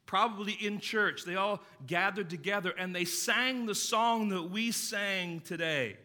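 A man preaching a sermon as pastor, earnestly stressing key words and dropping his voice low to tell stories. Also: measured pace, hardly any pauses, bright, forceful tone, long reverb tail. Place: church sanctuary.

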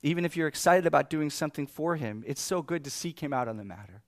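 Animated male preacher, dry sound. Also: fairly high pitch, fast talker, no echo. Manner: animated, laughs often, acts out scripture. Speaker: pastor. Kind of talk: sermon.

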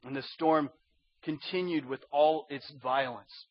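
A man preaching a sermon as a pastor, dropping to a hush and rising to loud pleading. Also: a little high, fairly even intonation, fairly quick, no echo, muffled recording. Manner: swings from hushed to loud pleading.

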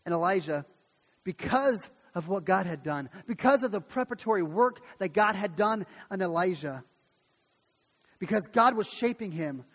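A pastor preaching a sermon and retelling a Bible story, acting out the voices of its people in a lively way. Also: male voice, high voice, long reverb tail. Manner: animated storytelling, acts out voices.

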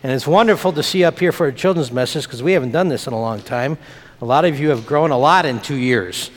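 With a mid-range voice and a quick pace, a pastor addresses the kids during a children's message in the sanctuary. His manner is plain and playful, and a long church-hall reverb colors the sound.

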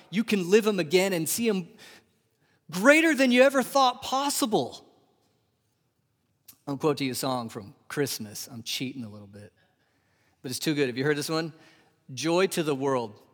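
A male pastor in his thirties delivers a live sermon, his fairly high voice ringing through a large hall with a long echo. He builds to loud, soaring peaks, then drops to slow, hushed near-whispers. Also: animated. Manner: swings from loud, rising emphasis to hushed, drawn-out whispers.

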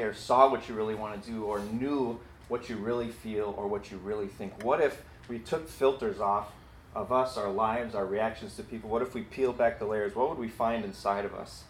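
A man's voice: fairly low pitch, roomy sound, a little hiss or hum. A man preaching a sermon in a casual, storytelling and self-deprecating way. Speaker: pastor. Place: church building.

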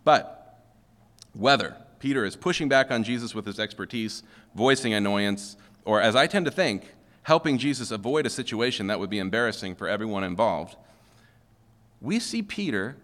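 A man's voice: fairly low pitch, animated, moderate pace, fairly bright tone. A male pastor preaching a sermon in a conversational way, often checking in with "okay?" and putting questions to the room. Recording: long hall reverb.

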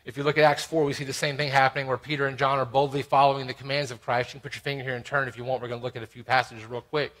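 A man preaching a sermon, swinging between loud exclamations and quiet, intimate asides. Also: medium pitch, little pitch movement, rapid-fire, hardly any pauses. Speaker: pastor.

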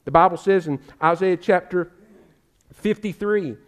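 A man preaching a sermon with passion, calling his listeners "friend" and swinging from loud exhortation to hushed pleading. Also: high voice, unhurried, clean tone. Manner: addresses listeners directly as "friend". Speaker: pastor.

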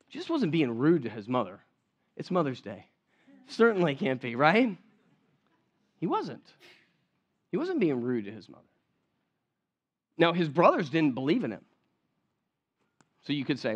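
Male pastor, higher-pitched, delivering a conversational sermon and checking in with the room; slightly muffled recording. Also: wildly swooping pitch, unhurried, pauses often, slightly rough. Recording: slightly dull, lo-fi sound.

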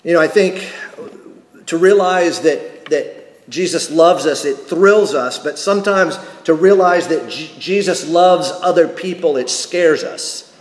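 A man's voice: fairly high pitch, measured pace. A man preaching a sermon as pastor, emphatic and repeating key phrases for weight. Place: church sanctuary. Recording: echoey hall, long reverb.

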